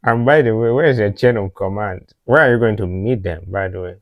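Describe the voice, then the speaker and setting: A man's voice: on the low side, brisk, no room sound. A man from Africa hosting a reaction video, talking in an earnest, reflective way that often repeats phrases. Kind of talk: casual reaction commentary.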